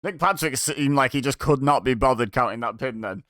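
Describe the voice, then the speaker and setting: A man's voice: medium pitch, a little fast, a bit bright, no echo, clean studio sound. A man hosting a watch-along, giving casual, sarcastic reaction commentary and chuckling to himself.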